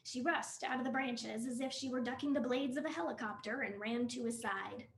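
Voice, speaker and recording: A woman reading a comic novel aloud for the library, in an expressive, animated storytelling style. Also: on the high side, fairly quick. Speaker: library staff reader. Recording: roomy echo.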